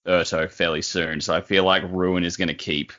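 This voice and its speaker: Podcast co-host, man, very low bright voice, loose and jokey. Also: moderate pace, highs cut off. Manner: joking, animated theorizing. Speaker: book club podcast co-host. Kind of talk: casual discussion.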